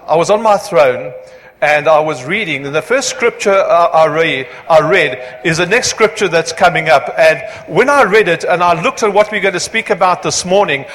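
A man preaching about missions to a church, earnest, with halting restarts. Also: fairly high pitch, a bit bright. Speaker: missions speaker. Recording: long hall reverb.

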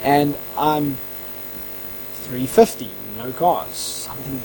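A man who interviews people, telling a casual anecdote in an animated way and acting out the dialogue. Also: mid-range voice, takes it slowly, a little hiss or hum, low-quality recording.

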